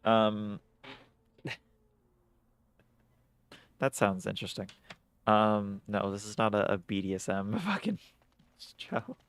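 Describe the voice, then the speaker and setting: A man's voice: lowish voice, slow pace, long pauses, smooth. A man streaming a game, chatting casually with lots of swearing, self-mocking jokes and laughter. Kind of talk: casual gameplay commentary.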